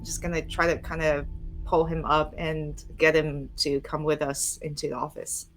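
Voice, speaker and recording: A woman's voice: low voice, flat delivery, normal speed, faint music behind, rough recording. Eager woman tabletop player. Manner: eager, questioning. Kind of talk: tabletop role-play.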